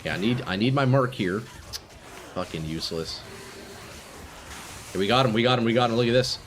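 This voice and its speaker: A man's voice: on the low side, expressive, fairly quick, pauses often, fairly bright tone, a little hiss or hum. A young man streaming a game live, chatting casually with viewers and swearing freely. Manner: laid-back, swears freely, chats with viewers.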